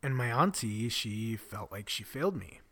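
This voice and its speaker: A man telling a personal story in a candid, confessional way, often dropping to a breathy near-whisper and swearing bluntly. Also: on the low side, lively intonation, moderate pace, a bit bright. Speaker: vlogger telling his own story.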